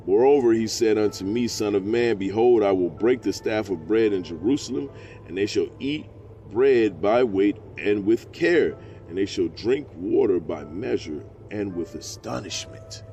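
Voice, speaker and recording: A man teaching scripture, reading verses slowly and breaking into slangy, profane asides. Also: on the low side, lively intonation, dark tone, soft background music. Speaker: preacher. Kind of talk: scripture teaching with street talk.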